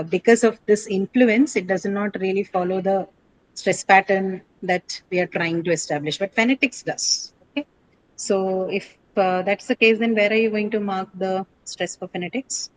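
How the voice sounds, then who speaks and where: A woman's voice: mid-range voice, steady tone, moderate pace, low-quality recording. A woman teaching a class on English word stress, explaining patiently with many fillers and frequent checks like "right?".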